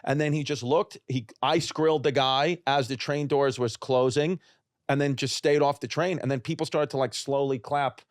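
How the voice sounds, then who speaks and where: A man's voice: medium pitch, steady tone, normal speed, dry recording, clean studio sound. A man in his late thirties, a comedian guest on a podcast, telling rambling, jokey stories in casual chat. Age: 30s.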